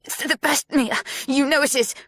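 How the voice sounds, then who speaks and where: A woman's voice: high-pitched, fairly even intonation, moderate pace, fairly bright tone, no room sound, studio quality, voice pushed up. A woman narrator voicing Sadie, a cold, vengeful young woman speaking with insistent resolve. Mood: cold, cruel.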